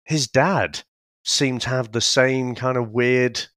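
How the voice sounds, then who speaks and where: A man's voice: mid-range voice, fairly even intonation, takes it slowly, fairly bright tone, no room sound, studio quality. A man with a northern English accent co-hosting a casual review podcast, rambling and swearing freely with lots of restarts. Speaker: podcast co-host.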